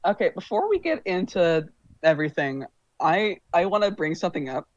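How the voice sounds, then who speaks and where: A man's voice: high-pitched, big pitch swings, normal speed, no echo. Podcast co-host, male, rambly casual chatter, dry muffled home mic. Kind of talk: casual chat. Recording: dull lo-fi mic.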